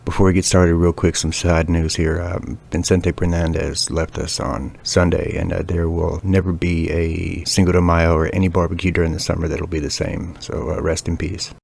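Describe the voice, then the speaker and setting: A man's voice: deep voice, little pitch movement, normal speed, creaky, few pauses, a little mellow, a little hiss or hum. A young man hosting a podcast, ranting sarcastically with lots of swearing in a casual comedic monologue. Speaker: podcast host.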